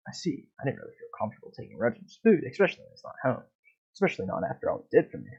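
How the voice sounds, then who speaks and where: A man reading a story game aloud with expressive, swearing asides, over a dull lo-fi recording with faint game music. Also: mid-range voice, very fast, gravelly, husky.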